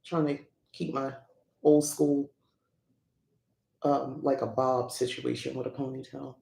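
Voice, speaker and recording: A woman's voice: very deep voice, flat delivery, a little slow, vocal fry, warm tone, reverberant. A woman hosting a casual unboxing chat who rambles and laughs often. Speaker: host.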